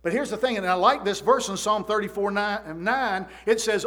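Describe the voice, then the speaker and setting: A man's voice: high-pitched, brisk, few pauses. A man preaching a sermon with emphatic, repetitive declarations, asking "amen" often and stammering into restarts as he builds. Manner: stammers and restarts when excited.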